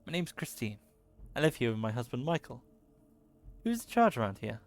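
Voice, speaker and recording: A man's voice: medium pitch, very animated, normal speed, faint music behind. A man voicing a polite young woman settler in a video game, in his own plain voice.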